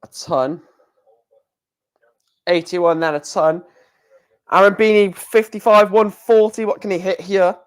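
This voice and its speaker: A man's voice: high-pitched, fairly even intonation, unhurried, pauses often, clear, resonant tone. A man hosting a darts live stream, reading out scores in a chatty, exclamatory way with mild swearing.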